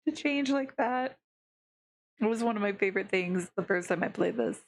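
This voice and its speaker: A woman's voice: mid-range voice, moderate pace. A woman streamer giving casual, gushing commentary to her chat while playing a game. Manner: gushing, excitable asides to chat.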